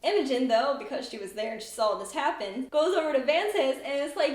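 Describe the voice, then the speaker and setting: A woman's voice: high-pitched, animated, brisk. A woman in a casual vlog reviewing a book, chatty and gushing, saying "like" a lot and acting out characters' lines. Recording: echoey room.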